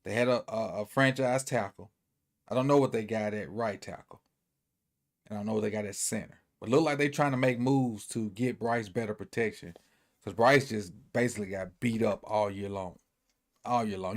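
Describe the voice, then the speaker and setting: Easygoing man rambling through a sports recap. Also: fairly low pitch. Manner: loose, rambling, repeats himself, thinks aloud. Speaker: sports commentator.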